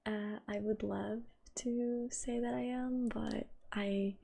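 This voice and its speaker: A woman with a light Portuguese accent talks casually to her stream chat, slow and unhurried. Her voice is mellow and dark with a gravelly fry, and she often sinks into a soft whisper between laughs. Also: on the high side, fairly even intonation. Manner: laughs often, chats with viewers.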